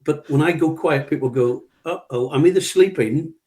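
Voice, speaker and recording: A man's voice: on the high side, normal speed, a little mellow. A middle-aged British man, a leadership trainer being interviewed, talking emphatically, repeating key words and acting out what he would say. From United Kingdom. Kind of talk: conversational interview, anecdotal.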